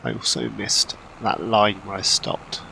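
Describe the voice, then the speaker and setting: A man talks slowly and in a relaxed way over his gameplay, drifting from one thought to the next and poking fun at himself. His voice sits low and has a gravelly edge. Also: slight background noise, poor audio. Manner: rambling and self-deprecating. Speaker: gameplay channel host. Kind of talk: casual gameplay commentary.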